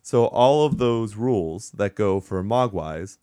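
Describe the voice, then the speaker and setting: A man hosting a casual movie-review chat, sarcastic and profane, talking in an animated way. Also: fairly low pitch, slow, smooth, no echo, studio quality, soft background music. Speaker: podcast host.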